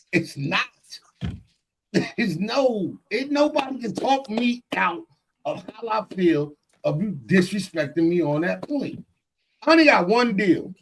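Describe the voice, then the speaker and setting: A middle-aged man co-hosting a podcast, telling stories in blunt, profane, animated casual chat. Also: high-pitched, slight background noise, low-quality recording. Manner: blunt and emphatic. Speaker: podcast co-host.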